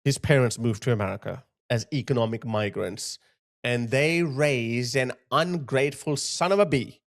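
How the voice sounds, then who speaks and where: A man's voice: medium pitch, moderate pace. A man giving impassioned video commentary, emphatic and indignant, driving his points home by repeating phrases. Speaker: political commentator.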